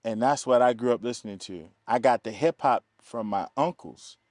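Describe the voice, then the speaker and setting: Man from telling lively stories. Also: medium pitch, moderate pace, no room sound, clean studio sound. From East Baltimore, USA. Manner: animated, acts out quoted voices, laughs often. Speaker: film producer, guest. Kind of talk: casual interview storytelling.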